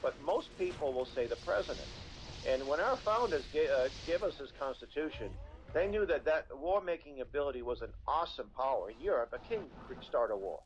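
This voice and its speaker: A man speaks as a guest on a talk radio show, earnest and a little rambling, often restarting his phrases. His voice sits at an ordinary middle pitch over a faint background hiss. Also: lively intonation, a little fast, poor audio. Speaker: guest, constitution educator. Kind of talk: radio interview.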